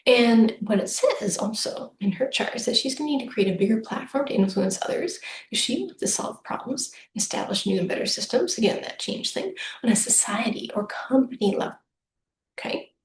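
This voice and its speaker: A woman's voice: on the high side, expressive, fairly quick. A woman coach giving a casual, upbeat solo reading, chatty and often acting out what her clients might say. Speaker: human design business coach. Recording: echoey room with faint noise.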